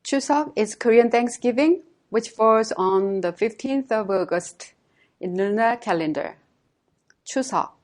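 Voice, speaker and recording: Lady teacher walking thru dates, says every word super clearly, slightly high voice. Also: normal speed, darkish tone. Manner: clear, careful model pronunciation. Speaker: language teacher. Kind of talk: scripted language lesson.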